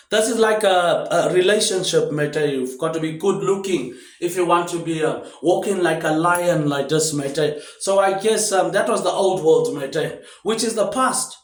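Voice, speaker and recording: A man in a rambling, casual monologue, drifting between loosely connected thoughts and ending nearly every phrase with "mate, eh". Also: on the high side. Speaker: vlogger. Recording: roomy echo.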